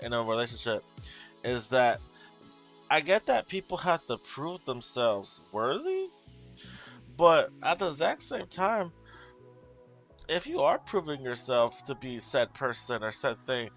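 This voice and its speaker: A man's voice: mid-range voice, very animated, a little slow, a bit bright, soft background music. A man hosting a casual livestream, ranting bluntly with lots of swearing and answering his chat. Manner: blunt, profane, exasperated, talks back to chat. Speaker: tarot livestream host.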